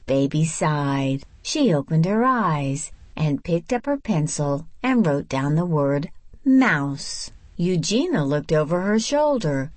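Woman, storybook narrator, low voice, lively intonation, unhurried, dry close sound. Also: no echo. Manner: slow, expressive, measured reading. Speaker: audiobook narrator.

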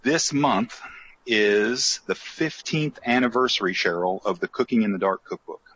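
Male podcast co-host, husky, easygoing and jokey. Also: lowish voice, normal speed, fairly bright tone, muffled recording. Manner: joking, chatty, storytelling. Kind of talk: casual chat.

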